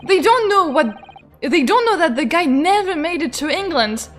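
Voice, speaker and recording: Young woman playing a game, high voice, shrieky n stammery, soft music behind. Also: moderate pace. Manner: excitable, shrieks and stammers, reads dialogue aloud. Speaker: gaming streamer. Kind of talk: let's play commentary with voiced lines.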